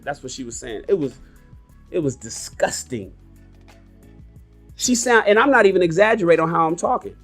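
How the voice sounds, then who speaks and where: Animated man in his forties, blunt. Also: on the high side, normal speed, pauses often, faint music behind. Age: 40s. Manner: animated, blunt, profane storytelling. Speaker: podcast host. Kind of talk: casual livestream chat.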